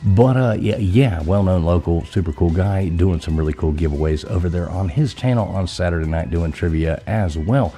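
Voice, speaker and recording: A man's voice: deep voice, normal speed, hardly any pauses, dark tone, soft background music. A man hosting a casual live stream, chatty and loose, swearing casually, his voice scratchy from being sick.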